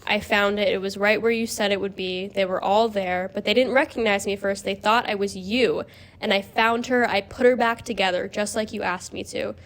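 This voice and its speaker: A woman playing a grim undead young man in a flat, steady recitation. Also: medium pitch, normal speed, close to an everyday voice.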